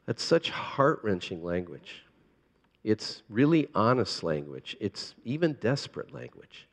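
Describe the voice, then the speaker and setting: A man preaching a sermon as a pastor, earnest and pleading, moving between hushed and emphatic delivery. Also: on the low side, very animated, unhurried, big-room sound.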